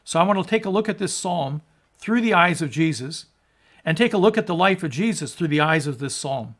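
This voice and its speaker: A man's voice: fairly high pitch, animated, fairly quick, fairly bright tone. A man preaching a sermon as a pastor, emphatic and conversational, asking his listeners rhetorical questions. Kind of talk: sermon on scripture.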